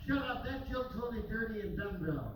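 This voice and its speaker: A man's voice: high voice, lively intonation. Stand-up comic, man in his fifties, brash and profane, recorded distant in a roomy bar. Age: 50s. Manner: brash, profane, rapid asides to the crowd. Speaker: stand-up comedian. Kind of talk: stand-up comedy set. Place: bar stage. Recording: roomy bar sound from far off, noisy.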